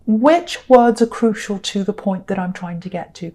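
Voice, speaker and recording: A tarot reader gives earnest, direct advice, repeating points for emphasis. Her voice is medium in pitch and dark in tone, delivered at a moderate pace.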